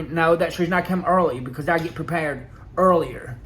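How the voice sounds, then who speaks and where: A man's voice: a little high, a bit bright. Aggrieved man telling a rambling story. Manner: rambling, aggrieved, halting with fillers. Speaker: vlogger. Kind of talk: casual personal storytelling.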